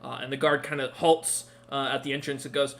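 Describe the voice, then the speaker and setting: A man's voice: mid-range voice, fairly even intonation, fairly quick, creaky, fairly bright tone, slight background noise. A man narrating a tabletop game as game master, casual and full of fillers and self-corrections.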